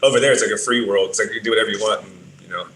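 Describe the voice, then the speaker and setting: This time the podcast guest's voice sits on the low side, a bit bright, and he races through his words. Still relaxed, he tells casual stories packed with swearing and fillers, recorded in a roomy space with faint background noise.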